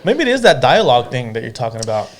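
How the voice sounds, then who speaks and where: A man co-hosting a podcast in an easygoing way, with a voice of middling pitch. He mostly answers in short, agreeing replies and now and then adds a relaxed comment of his own. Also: fast talker. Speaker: podcast co-host. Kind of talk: casual chat.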